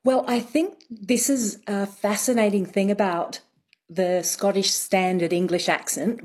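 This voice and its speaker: A woman accent coach, a guest on a radio show, explaining things in a measured way with frequent ums. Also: on the low side, slightly rough.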